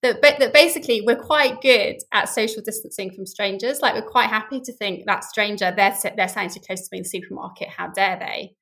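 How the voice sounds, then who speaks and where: A woman's voice: mid-range voice, fairly quick, few pauses, a bit bright. A middle-aged woman, a scientist guest, explaining things candidly in casual conversation and laughing easily.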